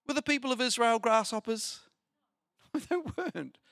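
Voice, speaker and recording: A man preaching a sermon as pastor, animated, asking the listeners rhetorical questions. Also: very high-pitched, moderate pace, creaky, dry recording, clean studio sound. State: short on sleep.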